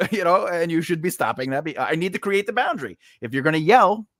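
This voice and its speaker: A man in casual live-stream chat, telling a story in an animated way. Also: a little high, moderate pace, dry recording, studio quality.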